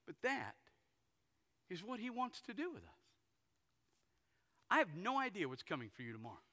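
A pastor preaching a sermon, telling stories folksily and acting out the characters. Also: male voice, high voice, wildly swooping pitch, moderate pace, bright, forceful tone. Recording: long hall reverb.

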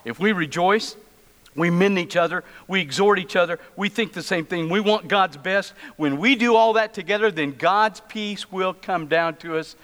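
Bright-voiced man preaching in a reverberant church. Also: high voice, normal speed. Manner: storytelling with humorous asides. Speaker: pastor. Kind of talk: sermon. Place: church sanctuary.

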